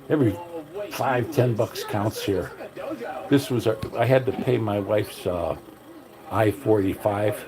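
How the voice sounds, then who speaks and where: A man's voice: fairly low pitch, rough recording. A middle-aged man chatting casually on a livestream in a rambling, folksy way, talking straight to his viewers. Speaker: livestream host.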